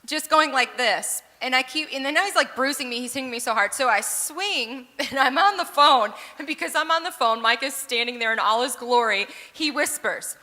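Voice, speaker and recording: A woman in her thirties preaching from the stage, animated and earnest with bits of humor. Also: sits high, normal speed, hardly any pauses. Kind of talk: sermon storytelling. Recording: long hall reverb.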